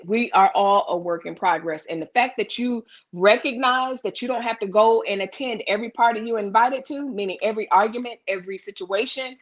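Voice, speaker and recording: A woman hosts a live chat and speaks with blunt energy, addressing her viewers directly. Her voice sits at a middle pitch for a woman. She answers viewer comments as they arrive. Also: muffled recording. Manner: blunt, animated, talks straight to viewers. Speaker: host of a live chat show.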